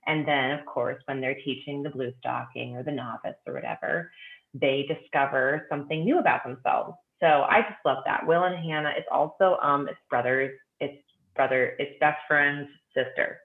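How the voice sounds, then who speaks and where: A woman's voice: extremely low pitch, animated, measured pace. A woman guest gushing enthusiastically about books in a casual chat, with lots of fillers. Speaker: guest author. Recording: tinny remote phone line with echo.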